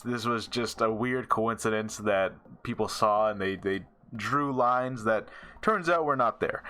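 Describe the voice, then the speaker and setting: Man, show reviewer, bright voice, lowish pitch, rambling casual chat with fillers. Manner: rambling, frequent fillers and laughs.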